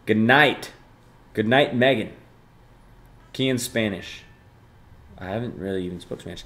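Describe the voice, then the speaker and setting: A young man hosting a live stream, reading chat aloud and thanking viewers, jumping between loud bursts of excitement and low mumbled asides. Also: moderate pace. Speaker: livestreamer.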